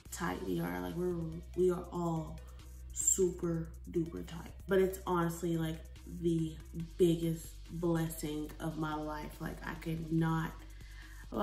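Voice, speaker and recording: A woman in her twenties, a vlogger from the United States, talking in a rambling, expressive casual chat that swings between soft and loud. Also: on the low side, distant mic. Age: 20s. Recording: roomy echo, from the mic, faint music.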